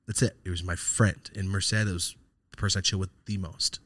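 Low-ish voiced guy hosting a podcast, swearing a lot, rambly and reflective, lots of ums and restarts. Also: fairly even intonation, a little fast, a bit bright. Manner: loose, profane, reflective, with many fillers and restarts. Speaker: podcast host. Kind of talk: casual storytelling chat.

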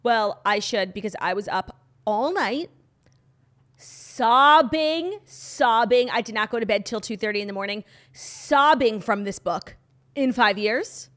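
A woman co-hosting a podcast in casual chat, gushing and full of "like" fillers, her voice a little hoarse. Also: mid-range voice, normal speed, a bit bright. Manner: chatty, gushing, lots of "like" fillers. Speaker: podcast co-host.

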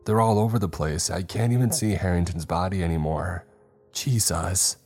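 A man's voice: deep voice, normal speed, darkish tone, husky, soft background music. A man voicing a terrified young male crewman calling over the radio in frantic panic. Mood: frightened.

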